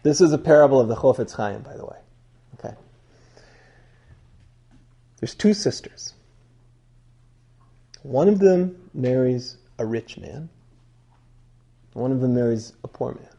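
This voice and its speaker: Husky, mellow-voiced male teacher. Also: mid-range voice, lively intonation, a little slow, long pauses. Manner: conversational, digressive, quizzes listeners. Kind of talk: conversational sermon teaching.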